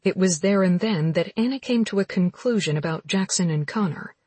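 Woman audiobook narrator, husky low voice, dry close mic. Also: fairly quick, darkish tone, no echo. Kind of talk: scripted romance narration.

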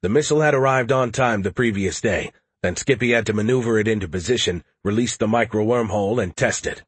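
Husky, low-voiced male narrator. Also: brisk, dry recording. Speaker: audiobook narrator. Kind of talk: first-person audiobook narration.

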